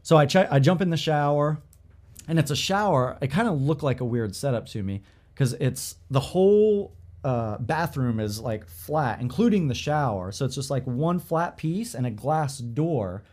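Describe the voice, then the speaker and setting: A man co-hosting a podcast, telling a story in casual chat, animated, swearing freely and acting out the dialogue with lots of "like". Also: mid-range voice, normal speed. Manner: filler-heavy, lots of "like" and "I'm like".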